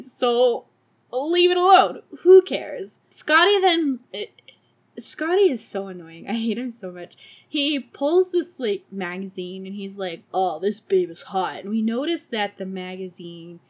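A woman's voice: a little high, big pitch swings, a little slow. A young woman hosting a podcast, recapping a film in a casual, sarcastic, profane way with laughing asides. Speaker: podcast host.

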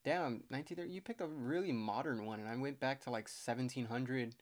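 A man's voice: mid-range voice, a little fast. A young man co-hosting a casual podcast, reading notes aloud and rambling, stumbling over words now and then. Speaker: podcast co-host. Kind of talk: casual chat.

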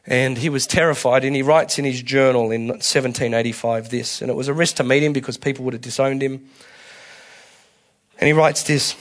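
A man preaching a conversational sermon, candid and colloquial, restarting phrases and swinging between soft and loud. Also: mid-range voice, brisk. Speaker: pastor.

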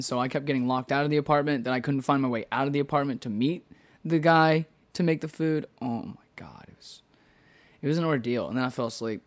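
A man in his late twenties telling a story in casual chat, laughing often and swearing freely. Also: mid-range voice. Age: late 20s. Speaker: podcast co-host telling a story.

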